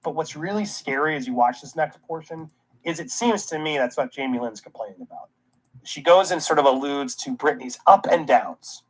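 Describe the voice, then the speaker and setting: A commentary host reacting to a clip, ranting with indignation and sarcasm. The voice sits at an ordinary middle pitch. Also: lively intonation, fairly quick, low-quality recording.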